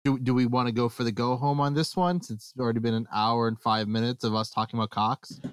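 A man co-hosting a podcast in casual banter, wry and unhurried. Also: medium pitch, steady tone, smooth, dry recording, studio quality. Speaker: podcast co-host and editor.

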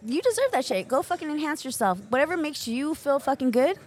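Middle-aged woman, podcast co-host, brash and profane, high voice, rapid-fire talk. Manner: brash, profane, quick and animated. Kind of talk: casual chat.

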